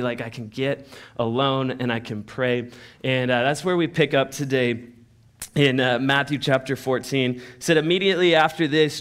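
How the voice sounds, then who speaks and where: A young man preaching a sermon as pastor in a church, in a conversational, animated way with many restarts. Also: medium pitch.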